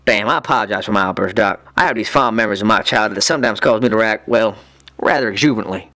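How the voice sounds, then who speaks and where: A man's voice: on the low side, fast, bright, forceful tone. A man voicing a crude, lecherous male cartoon villain, telling folksy stories with gusto. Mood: leering reminiscence. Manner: folksy, crude, exuberant storyteller. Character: lecherous rowdy male villain, Southern drawl. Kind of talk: cartoon comedy voice acting.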